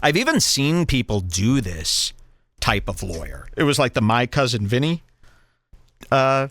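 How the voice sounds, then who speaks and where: A man hosts a podcast in a dry, close-mic studio sound, rambling and emphatic with his opinions. His voice jumps around a lot in pitch as he talks. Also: big pitch swings, measured pace, a bit bright, dry recording. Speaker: podcast host. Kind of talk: casual chat, movie review.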